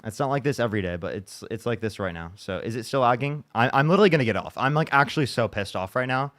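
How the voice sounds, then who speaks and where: Streamer host, male, rapid frustrated chatter, swears and restarts a lot. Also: mid-range voice, expressive, a bit bright. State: upset after a bad day. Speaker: livestream debate host. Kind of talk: casual livestream chat.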